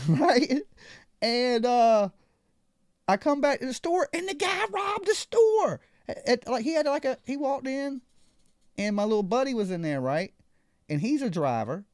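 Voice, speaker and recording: A man's voice: sits high, a little mellow, no room sound, studio quality. A man hosting a live call-in show, telling a story casually and acting out other people's lines.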